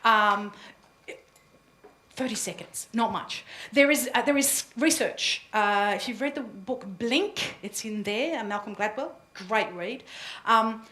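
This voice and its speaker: A woman coaching a room full of people in a live workshop, chatty and quick to laugh. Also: on the high side. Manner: lively, chatty, laughs easily. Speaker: presentation coach. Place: room with an audience. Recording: echoey room.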